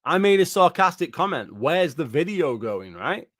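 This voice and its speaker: A man's voice: a little high, very animated, moderate pace, fairly bright tone, no echo, studio quality. A man, a gaming YouTuber ranting angrily and profanely, repeating himself as he reacts to a video. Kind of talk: angry reaction rant.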